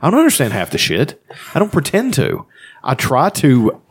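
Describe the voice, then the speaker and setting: A man's voice: mid-range voice, huge pitch swings, normal speed, husky. A man chatting casually on a podcast, rambling and swearing freely as he retells movies. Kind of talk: casual chat.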